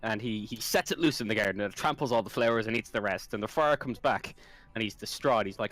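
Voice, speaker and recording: A man's voice: lowish voice, fairly bright tone, no echo, soft background music. A man telling a long, rambling joke in casual chat with friends over an online call, full of restarts. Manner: rambling, halting storyteller with restarts.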